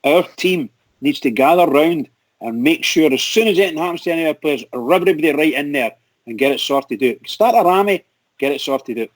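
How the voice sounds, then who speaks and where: A Scottish man chatting excitedly about football on a fan radio show, laughing a lot and tripping over his words. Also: fairly high pitch, a little fast, no room sound, poor audio. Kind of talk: casual football chat.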